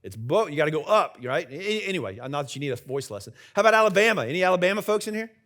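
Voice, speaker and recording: A man's voice: high voice, expressive, very fast, a bit bright. A middle-aged man, the senior pastor, preaching a conversational sermon in a church and joking with the congregation. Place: church sanctuary with live congregation.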